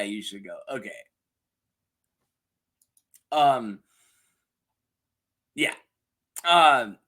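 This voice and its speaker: A man's voice: high-pitched, pushed and bright. A man casually recapping a TV episode from a script, joking and laughing often, with lots of ums. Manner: giggly and joking, full of ums and asides. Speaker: TV show reviewer.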